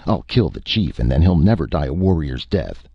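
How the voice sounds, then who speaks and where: A man playing a gruff, desperate male space trader in armor, barking urgent lines in a dry, lo-fi recording. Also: sits low, very animated, unhurried, dry recording, voice pushed up, heavily acted. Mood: threatening.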